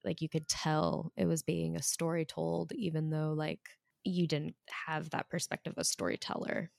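A woman in a casual film chat, agreeable and halting with many fillers. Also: deep voice, flat delivery, vocal fry, a little mellow, dry recording, clean studio sound.

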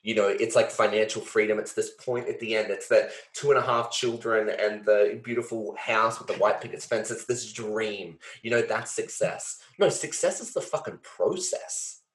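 This man's voice sits on the low side, and he moves along at normal speed with few pauses. Hosting a podcast, he reflects aloud earnestly and with emotion, full of filler words and an odd curse, and the room gives off a noticeable echo.

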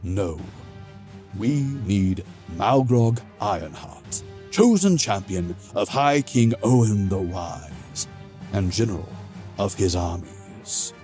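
A man's voice: lowish voice, very animated, slow pace, faint music behind. A man voicing a stern dwarf lawkeeper. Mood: solemn. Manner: forceful, commanding.

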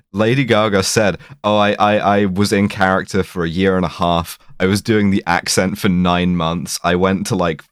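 A man's voice: sits low, no room sound, clean studio sound. A man co-hosting a podcast, recapping a film in a rambling, fond way with plenty of fillers. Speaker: podcast co-host. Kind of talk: casual chat.

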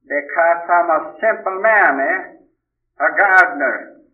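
An actor playing a bitter, obsessive ghostly gardener in 1940s radio acting, brooding and resentful, on a scratchy old radio recording. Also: male voice, a little high, measured pace, echoey room, distant mic, phone-quality sound, lightly acted.

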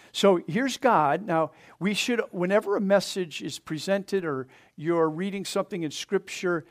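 Guy preaching a sermon, voice on the high side, gets loud on key points then drops quiet. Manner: earnest preaching with rising emphasis and soft drop-offs; asks the congregation to open their Bibles. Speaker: pastor.

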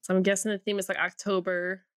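A woman's voice: medium pitch, little pitch movement, fast, smooth. A woman, a guest on a podcast, chatting casually; she sounds nervous, laughs often and runs herself down. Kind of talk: casual chat.

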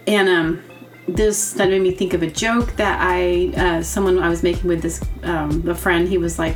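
A woman's voice: fairly low pitch, little pitch movement, moderate pace, faint music behind. A woman hosting a podcast, rambling through a comedic monologue, giggling as she acts out silly quotes in other voices. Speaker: podcast host.

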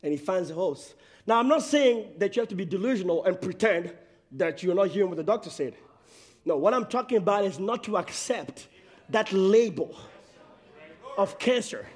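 A man's voice: high-pitched, lively intonation, moderate pace, a little mellow. A man preaching a sermon in an emphatic way, raising his voice for emphasis.

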